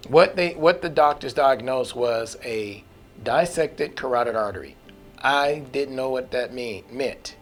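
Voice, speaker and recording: A man's voice: mid-range voice, unhurried, faint music behind. A man giving a personal faith testimony in an earnest, candid, conversational way, with folksy phrasing. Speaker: testimony speaker.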